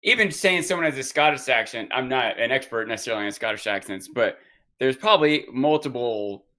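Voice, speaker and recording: A man co-hosting a casual discussion, talking in a measured way and thinking aloud. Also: medium pitch, lively intonation, bright, forceful tone. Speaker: podcast co-host.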